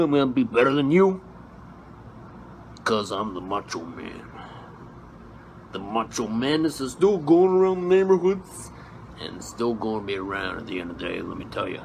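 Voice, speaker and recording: A man impersonating a brash male pro wrestler, growling and swinging wildly from low rasp to yelling. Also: expressive, normal speed, slight background noise. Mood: hyped.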